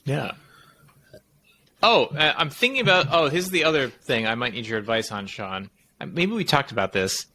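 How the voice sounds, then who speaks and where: A man's voice: mid-range voice, animated, moderate pace, sharp tone. A man co-hosting a tech podcast, chatting casually and wandering through long explanations that he corrects as he goes. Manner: rambling, self-correcting explanations. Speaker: podcast co-host.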